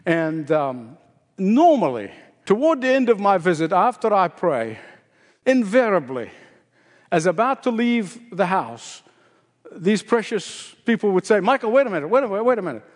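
A man's voice: sing-song, normal speed. Emphatic older male preacher, reverberant hall. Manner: emphatic, repeats key phrases with rising pitch. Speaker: pastor. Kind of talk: sermon.

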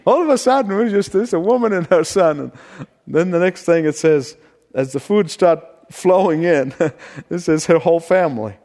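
A man preaching a sermon, telling a story with frequent chuckles and easing into quiet prayer. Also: high-pitched, animated, moderate pace, in a large hall.

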